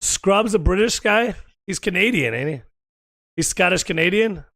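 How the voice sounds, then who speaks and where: An American man streaming a game and chatting casually with his viewers, joking, teasing and firing off quick questions. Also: high-pitched, lively intonation, creaky, a bit bright, no echo, clean studio sound. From United States. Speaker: gaming streamer.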